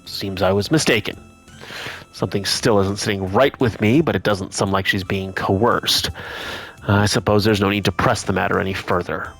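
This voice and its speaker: A man's voice: fairly low pitch, fairly even intonation, moderate pace, creaky, a bit bright, faint music behind, pitched below the performer's own voice. A man voicing a stern, confident male patrol officer who speaks formally. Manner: formal, clipped and self-assured.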